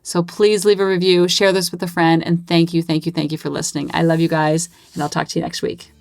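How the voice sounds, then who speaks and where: A woman's voice: fairly low pitch, little pitch movement, a little fast, vocal fry, darkish tone, no room sound. A woman in her thirties hosting a parenting podcast, chatting in an upbeat way. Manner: chatty, upbeat, acts out kids' voices. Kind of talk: casual solo podcast talk.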